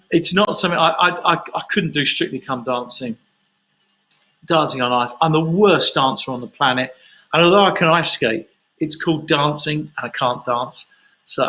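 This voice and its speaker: A man's voice: a little high, sharp tone, rough recording. A man from London, a singer chatting casually through fan questions on a livestream and telling rambling stories.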